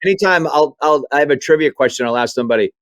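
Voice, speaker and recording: A comedian from Maine telling animated stories in an interview, acting out other people's voices as he goes. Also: fairly high pitch, very fast, no echo. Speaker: comedian guest. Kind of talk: storytelling interview chat.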